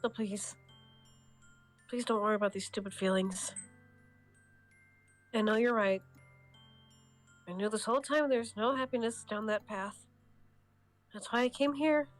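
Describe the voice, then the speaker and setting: A woman reading out the lines of a teenage girl who hides deep sadness, soft and wavering. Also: fairly even intonation, a little slow, pauses often, soft background music, lightly acted. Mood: hurt. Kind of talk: reading game dialogue aloud.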